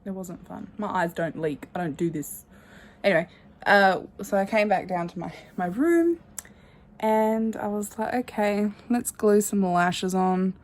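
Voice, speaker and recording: A young woman in her twenties chatting to her phone camera, rambling and candid, often trailing off quietly. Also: mid-range voice, measured pace. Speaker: vlogger. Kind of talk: casual chat to camera. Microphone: phone held at arm's length.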